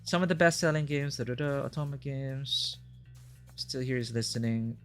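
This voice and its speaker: A man talks through a video game on a live stream, rambling from one thought to the next and breaking into laughter often. His voice is bright, and game music plays softly behind him. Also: medium pitch. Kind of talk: casual live gameplay commentary.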